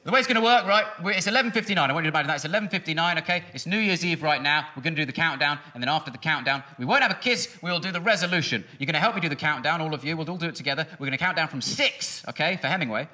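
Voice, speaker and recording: A man's voice: a little high, rapid-fire, few pauses. A man, performing a sarcastic, punchy stand-up comedy set on the stage of a large music hall. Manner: animated, sarcastic, punchy delivery with shouted bits. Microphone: stage microphone.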